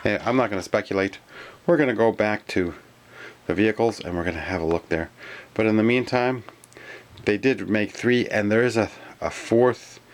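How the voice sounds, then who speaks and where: A man from Canada chatting casually in a toy collector vlog, rambling and grumbling, sometimes whispering names in a drawn-out way. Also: on the low side. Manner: rambling and complaining, with stretched-out whispered echoes of names. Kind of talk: casual toy review chat.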